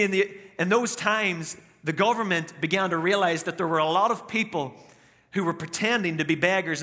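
A man's voice: high-pitched, bright, forceful tone. A man with an Irish accent, preaching a sermon and telling a humorous, self-mocking story in a large church auditorium. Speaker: pastor. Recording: reverberant auditorium.

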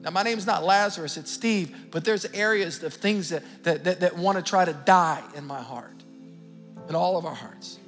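A man's voice: high-pitched, normal speed, a bit bright. A middle-aged man preaching a sermon as pastor, fervent and calling out to his congregation. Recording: long hall reverb with faint music.

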